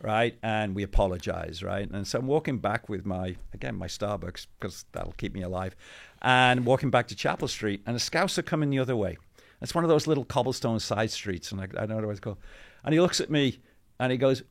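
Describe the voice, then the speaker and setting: Middle aged guy, lowish voice, rambling chatty storyteller on an interview. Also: brisk, vocal fry. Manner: animated, chatty, many restarts and asides. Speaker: interview guest, former football club CEO. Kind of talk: conversational storytelling.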